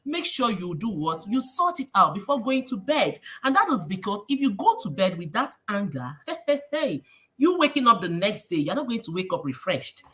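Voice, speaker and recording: A woman with a Nigerian accent hosting a casual livestream, preachy and lively, slipping in Pidgin phrases. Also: medium pitch, normal speed, few pauses. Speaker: livestream host.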